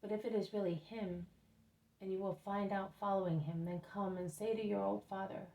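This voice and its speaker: A woman voicing a rueful, gentle man speaking of his family, in a storybook reading. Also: medium pitch, steady tone, moderate pace, gravelly, natural voice. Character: wistful man, doubting family left behind. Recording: roomy echo, mic at a distance.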